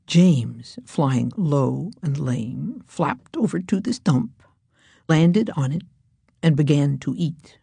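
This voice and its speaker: Woman, storybook read-aloud, slow, husky soft tone, dry close recording. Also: deep voice, animated, no room sound. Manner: slow, hushed and breathy.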